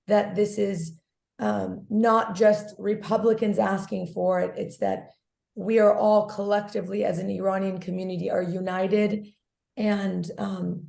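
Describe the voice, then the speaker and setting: Hoarse, gravelly woman on a video call. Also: mid-range voice. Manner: excited, talkative, effusive. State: hoarse from screaming at a protest. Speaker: guest activist. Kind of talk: casual interview. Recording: echoey room on a call.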